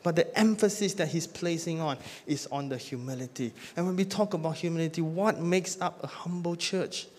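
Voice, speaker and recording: A man's voice: fairly high pitch, moderate pace, hardly any pauses, darkish tone. A man preaching a sermon in a slightly raised voice, his words trailing into the long reverb of a church hall. He builds lists with rising force, then drops to a near-whisper at the close of each point. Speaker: pastor.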